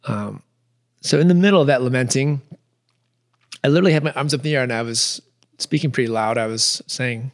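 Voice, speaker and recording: A man's voice: mid-range voice, brisk, pauses often. A man hosting a podcast, telling a personal story in a reflective, earnest way with frequent restarts. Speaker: podcast host.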